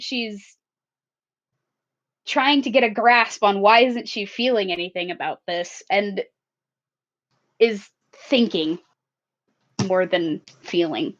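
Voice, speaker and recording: A woman's voice: medium pitch, measured pace, pauses often. A woman playing a tabletop role-playing game, thoughtfully describing her character. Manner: thoughtful, filler-heavy. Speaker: player. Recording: lo-fi recording.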